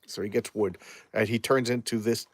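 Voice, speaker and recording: A man's voice: on the low side, steady tone, moderate pace, no echo. A man reviewing comic books in a casual live chat, rambling and often repeating and restarting his words.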